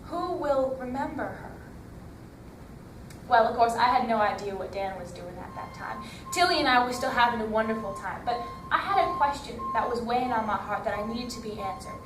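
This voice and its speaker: A woman's voice: a little high, very animated, quick pace, few pauses, over music. A woman performing a dramatic first-person story, with emotional, theatrical narration. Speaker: storytelling competitor. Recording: echoey hall from far off.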